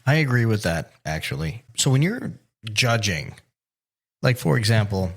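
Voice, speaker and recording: A man's voice: mid-range voice, sing-song, normal speed, vocal fry, husky. A man hosting a casual podcast interview, asking curious conversational questions. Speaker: podcast host.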